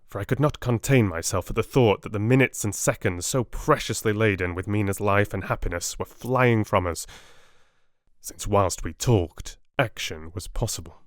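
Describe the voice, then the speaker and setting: A man reading a classic novel aloud as an audiobook narrator, telling the story in the first person in a steady, measured way. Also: low voice, dry recording, studio quality.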